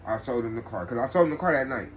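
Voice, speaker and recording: A young adult man telling a casual storytime with street slang, rambling and animated, restarting often. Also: mid-range voice, rapid-fire, slight background noise.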